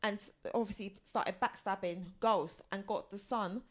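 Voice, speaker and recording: Woman, casual podcast chat, rambling recap, mid pitch. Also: fairly even intonation, measured pace. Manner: rambling, piecing plot together with fillers. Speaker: podcast co-host.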